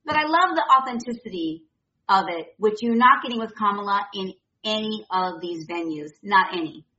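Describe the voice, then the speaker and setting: A bright-voiced woman speaks enthusiastically as a guest on a political talk show, using many fillers along the way. The room sounds echoey, and the recording is slightly muffled. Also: mid-range voice, expressive, normal speed.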